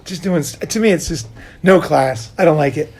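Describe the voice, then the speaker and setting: A middle-aged man hosting a casual talk, telling animated stories with laughs and casual swearing. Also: fairly high pitch, moderate pace. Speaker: podcast host. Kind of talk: casual conversation, storytelling.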